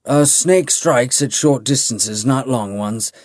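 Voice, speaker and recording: A man's voice: medium pitch, slow pace, dry recording, clean studio sound. A man voicing a boastful aging swordsman guard with a sour, swaggering manner.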